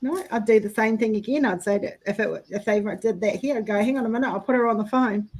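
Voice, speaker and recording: A woman's voice: a little high, fast, a little mellow, a little hiss or hum, rough recording. A woman, chatting casually and telling funny stories with frequent laughter. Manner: chatty storyteller, laughs often. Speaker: host. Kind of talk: casual chat while doing craft work.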